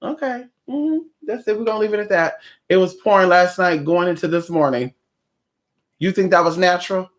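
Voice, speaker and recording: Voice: mid-range voice, moderate pace. A vlogger who works as a spiritual practitioner, chatting casually from home in a sassy, profane, rambling way. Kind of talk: casual vlog chat. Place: home, indoors.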